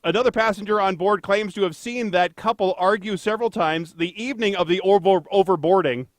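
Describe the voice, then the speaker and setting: Chatty, higher-pitched male podcast host. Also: brisk, dry recording. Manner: rambling, jokey, self-deprecating with fillers. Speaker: podcast co-host, traffic anchor. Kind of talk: casual podcast chat.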